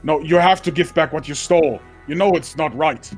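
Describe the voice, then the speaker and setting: A man playing a tabletop game, excitable and laughing, often restarting his sentences. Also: on the high side, a little fast, soft background music. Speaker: player.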